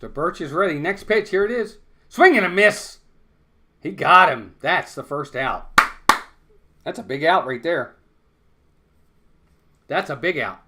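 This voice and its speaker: A man's voice: fairly high pitch, lively intonation, a little slow, pauses often, bright, forceful tone, a little hiss or hum. A man hosting a fan watch-along stream, calling baseball play-by-play and insisting on his points over and over.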